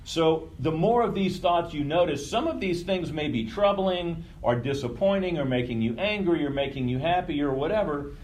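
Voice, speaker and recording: A man's voice: a little high, lively intonation, normal speed, few pauses, a little mellow, a little hiss or hum, poor audio. Casual, profane workshop leader, a man. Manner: conversational, swears freely, often checks in with the listeners. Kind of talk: casual teaching talk to a group.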